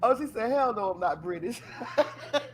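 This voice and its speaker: Woman, chat show host, casual live stream talk, teasing, animated, mid-pitched voice. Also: normal speed, a little hiss or hum. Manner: animated, teasing, laughs often.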